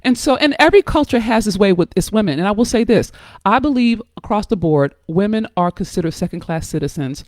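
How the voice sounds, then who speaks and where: A woman's voice: medium pitch, lively intonation, fairly quick, darkish tone, no echo, studio quality. Blunt, emphatic American woman preaching. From United States. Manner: emphatic and preachy, frequent "okay?" and "right?" check-ins; blunt, curses freely. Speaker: host giving advice to women. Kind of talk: motivational talk to camera.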